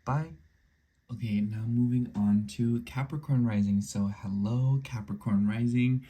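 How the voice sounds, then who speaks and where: A man's voice: medium pitch, a little slow, breathy edge. A man reading weekly horoscopes in a rambling, casual way, full of fillers, sometimes dropping to a whisper, a little under the weather. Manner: rambling, many filler likes, slips into soft whispers. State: a little sick. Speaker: astrology and tarot reader.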